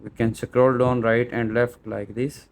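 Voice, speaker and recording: Slow, halting man explaining a setup. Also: medium pitch, level tone, vocal fry. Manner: hesitant, frequent fillers and restarts. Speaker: tech tutorial presenter. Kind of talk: step-by-step setup walkthrough. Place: small store.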